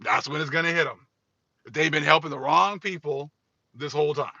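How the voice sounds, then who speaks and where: Emphatic man preaching with a bright voice. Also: a little high, moderate pace, creaky, no echo, lo-fi sound. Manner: emphatic, repetitive. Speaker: host. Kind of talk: religious commentary.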